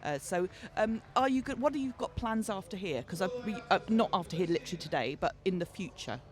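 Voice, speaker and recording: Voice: medium pitch, lively intonation, quick pace. A radio host interviewing a folk singer, with an enthusiastic, rambling manner and self-conscious laughs. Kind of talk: casual interview chat. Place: folk festival grounds.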